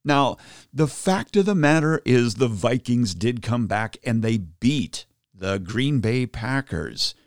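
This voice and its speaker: A middle-aged man speaking in a Catholic teaching talk, his pitch swinging widely as he tells a story and acts out his own reactions. The sound is close and dry, with no room around it. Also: lively intonation, takes it slowly, no echo. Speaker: podcast host.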